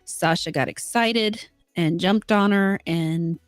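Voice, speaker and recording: A woman's voice: on the low side, slow pace, clear, resonant tone, dry recording, studio quality, faint music behind. A woman co-hosting a casual talk show, telling a personal story candidly and getting emotional at times. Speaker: co-host. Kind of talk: casual chat.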